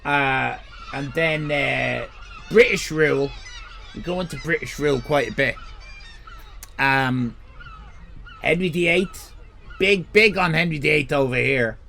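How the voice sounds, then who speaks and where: An Irish man streamer with a gravelly, fry-tinged voice, sitting a little high in pitch, rambles through crude jokes and reads chat messages aloud. There is a faint hiss of background noise behind him. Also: a little slow, pauses often, bright, forceful tone. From Ireland. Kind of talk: casual live-stream chat.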